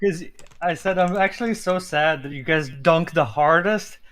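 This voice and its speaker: A man's voice: fairly high pitch, normal speed, a bit bright. A man in casual chat, earnestly explaining his own song. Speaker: musician whose album is reviewed.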